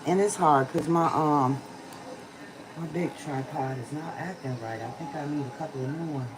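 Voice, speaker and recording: A woman's voice: low-pitched, normal speed, noisy background. A tired woman hosting a casual livestream outdoors on a rainy day, chatting with her viewers in slang. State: tired, yawning. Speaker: livestream host.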